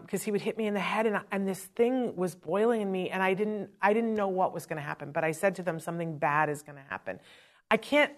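Middle-aged woman, host, chatty advice talk, animated storytelling, frank, mid-pitched voice. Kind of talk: live-stream advice talk.

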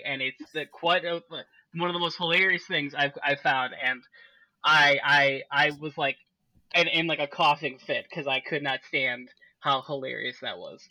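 A man's voice: fairly high pitch, bright, forceful tone, no echo, poor audio. A young man co-hosting a podcast, rambling in casual chat and breaking into laughter. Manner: rambling, many fillers and restarts, breaks into laughter. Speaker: podcast co-host.

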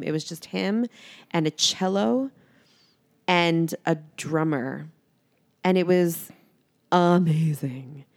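A woman co-hosts a casual podcast, slinging gossip and swearing freely. Her voice sits slightly low, and she throws herself into her stories with plenty of animation. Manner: gossipy, profane, animated storytelling. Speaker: podcast co-host. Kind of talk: casual chat.

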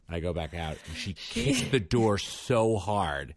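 A man in casual chat, a parent of two young children, telling animated stories and acting out the kids' lines. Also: low voice, measured pace, few pauses, crowd noise.

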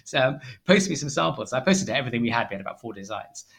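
Man, bright forceful voice, rambling anecdotes, lots of ums and restarts. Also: medium pitch, lively intonation, fast talker, creaky, husky. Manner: rambling, many fillers and restarts, laughs while telling stories. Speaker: guest, tweed company founder. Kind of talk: casual interview storytelling.

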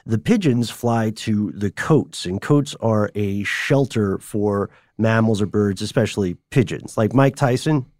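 A man co-hosting a history podcast, explaining in a relaxed way. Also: lowish voice, a little slow, few pauses, no echo, studio quality. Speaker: podcast co-host. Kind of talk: casual history chat.

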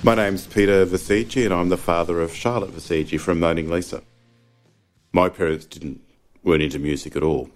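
A man's voice: low-pitched, steady tone, brisk, faint music behind. A middle-aged Australian father recalling his youth in an interview, in an easygoing, rambling way. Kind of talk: relaxed reminiscing interview.

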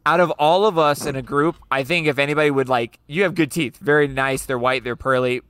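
A man with a bright, clear, crisp voice, recorded dry and close. He rambles and jokes in loose podcast banter, swearing freely and sounding a touch tipsy. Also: fairly high pitch, steady tone, a little fast, no room sound. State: a little tipsy after three beers. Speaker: podcast host.

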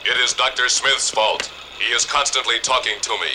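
A man voicing a dutiful robot sidekick who speaks flatly and literally. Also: mid-range voice, moderate pace, noisy background, pitched above the performer's own voice, natural voice. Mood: earnest. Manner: flat, literal, earnest.

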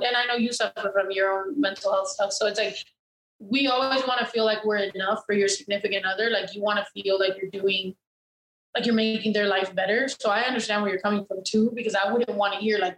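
A woman's voice: mid-range voice, fairly even intonation, fast, fairly bright tone, roomy sound, low-quality recording. A woman co-hosting a casual chat, talking candidly with lots of swearing and fillers. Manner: candid, profane, rambling with many fillers.

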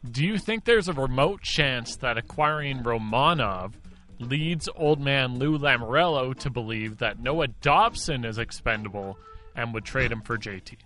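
A man's voice: medium pitch, expressive, a little slow, sharp tone, soft background music. A man hosting a casual podcast, reading out listener questions and teasing his co-hosts.

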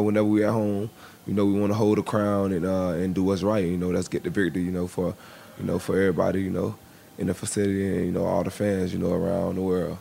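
Low gravelly young man, halting. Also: darkish tone, slight background noise. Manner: halting, many fillers. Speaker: football cornerback, guest. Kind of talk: radio interview.

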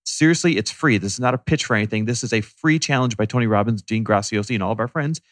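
A man co-hosting a personal finance podcast, talking in an energetic, emphatic, motivational way. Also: fairly low pitch, quick pace, no room sound, studio quality. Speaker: podcast co-host. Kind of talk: casual podcast chat.

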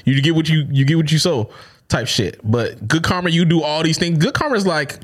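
A man's voice: fairly high pitch, fairly quick. A young man co-hosting a casual podcast, telling stories in loose slang with a playful tone. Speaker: podcast co-host. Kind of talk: casual chat.

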